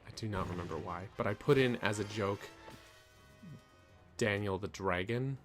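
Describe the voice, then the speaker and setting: A man's voice: on the low side, fast talker, faint music behind. A man streaming a game, giving goofy, rambling commentary and stories with frequent restarts. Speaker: gaming streamer. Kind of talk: casual gameplay commentary.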